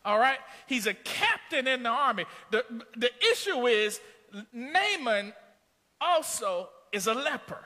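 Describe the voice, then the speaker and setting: A male pastor preaching a storytelling sermon, rising into shouts. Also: very high-pitched, very animated, measured pace, long reverb tail.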